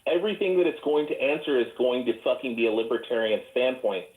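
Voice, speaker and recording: A man's voice: mid-range voice, animated, fast. A man in a heated, profane voice-room chat, rambling and arguing. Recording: tinny phone-like audio, roomy echo.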